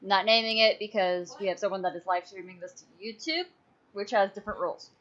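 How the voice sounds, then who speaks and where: A woman's voice: mid-range voice, fairly even intonation, fairly quick, a bit bright, highs cut off. A woman hosting a casual podcast chat, talking candidly and swearing casually. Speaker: podcast host.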